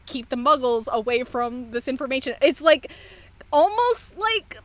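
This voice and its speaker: A woman hosts a casual podcast chat, rambling through her thoughts and laughing easily. Her voice sits a bit high for a woman. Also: big pitch swings, unhurried. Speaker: podcast host.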